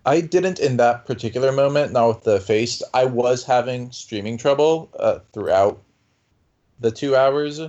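A man's voice: medium pitch, a little slow, a little mellow, highs cut off. A man in a casual critical discussion, talking earnestly and emphatically with many filler words. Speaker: podcast panelist.

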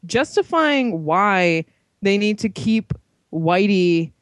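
Chatty young woman with a lively voice. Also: medium pitch, slow, dry recording, clean studio sound. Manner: chatty, laughs often, many fillers. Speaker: podcast co-host, film reviewer. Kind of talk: casual podcast chat.

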